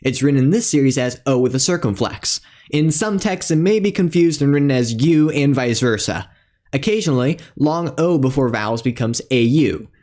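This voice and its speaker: A man's voice: mid-range voice, animated, a little mellow. Man steadily narrating a language lesson. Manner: measured, careful spelling out of letters and sounds. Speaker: language teacher.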